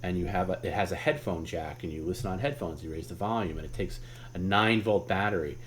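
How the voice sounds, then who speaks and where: A man's voice: deep voice, brisk, a little hiss or hum. A man hosting a live stream, telling a story casually, rambling and swearing as he goes. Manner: rambling, with many restarts and laughs. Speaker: host.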